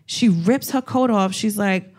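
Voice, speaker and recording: A woman's voice: mid-range voice, measured pace, darkish tone. A woman comedian in casual conversation, telling stories animatedly, swearing freely and laughing often. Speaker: comedian, co-host. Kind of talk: casual storytelling chat.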